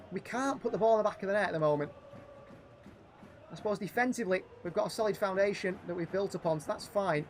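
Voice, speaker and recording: Male stream host, high-pitched, running live play-by-play with animated, frustrated asides. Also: slight background noise. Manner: animated, frustrated, thinking aloud between match calls. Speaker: gaming livestream host. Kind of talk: live play-by-play commentary on a football management game.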